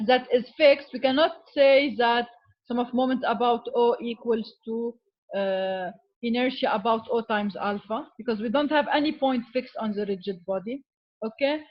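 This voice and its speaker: A woman's voice: on the high side, a little slow, dull audio. A woman giving a classroom lecture as an engineering teacher, explaining step by step and often checking in with "okay?". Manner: switches to Arabic with students.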